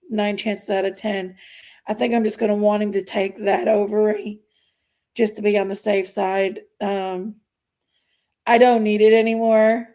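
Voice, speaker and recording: A middle-aged woman, chatting on her livestream in a halting, emotional way, sighing between phrases. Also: mid-range voice, gravelly, warm tone. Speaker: livestream host. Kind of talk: casual livestream chat.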